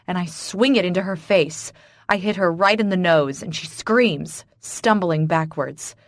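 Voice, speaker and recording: A woman's voice: on the low side, no echo, clean studio sound. Woman reading a dramatic romance audiobook. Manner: dramatic, emotionally charged, swearing. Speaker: audiobook narrator. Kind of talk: first-person romance audiobook narration.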